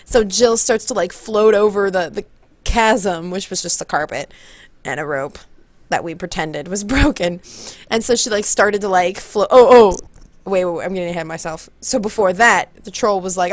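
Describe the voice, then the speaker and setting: Young woman vlogging, all excited, keeps going back to fix her story, dry close sound. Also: medium pitch, moderate pace, no room sound. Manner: excited, rambling, often backtracking mid-story. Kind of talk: casual storytelling vlog.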